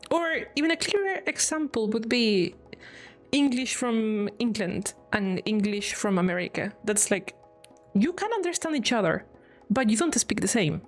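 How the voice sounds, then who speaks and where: A woman from Spain with a Spanish accent chats casually on a live stream in a medium-pitched voice, laughing often and using examples to explain things.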